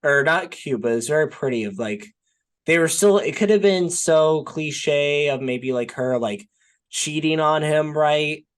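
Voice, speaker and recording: A young man with a fairly high, clear, resonant voice co-hosts a podcast, speaking at a measured pace. His casual film discussion rambles, heavy with fillers and frequent "like" and "right?"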